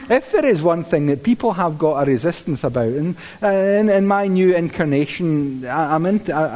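In a church hall, a male preacher with a slightly high voice delivers a sermon. He keeps it lively and conversational, with dry humour and words he repeats.

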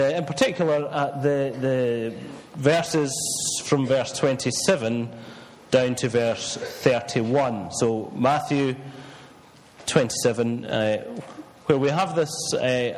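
A man reads a long scripture passage in a steady, measured voice before easing into a sermon full of small hesitations. His voice sits at an ordinary pitch and trails into the long reverb of a church hall. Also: a little hiss or hum. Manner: measured reading, then hesitant with fillers. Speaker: preacher.

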